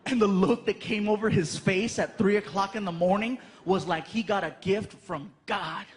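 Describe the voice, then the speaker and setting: Animated high-voiced male comedian. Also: normal speed. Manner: animated storytelling, acts out voices. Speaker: stand-up comedian. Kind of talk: stand-up routine. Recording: live stage mic with audience noise.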